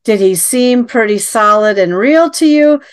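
A woman's voice: on the high side, expressive, a little slow, smooth. A woman interviewing a guest, asking follow-up questions and giving brief prompts. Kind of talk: casual interview.

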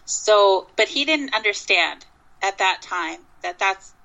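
A woman's voice: medium pitch, expressive, slow pace, gravelly, pushed and bright, dull audio. A woman from Minnesota, a Bigfoot researcher, telling long rambling stories in a casual interview. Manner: rambling, with many restarts and fillers.

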